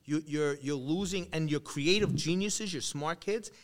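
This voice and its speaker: Animated storytelling man, slightly high voice. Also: normal speed. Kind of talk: casual chat.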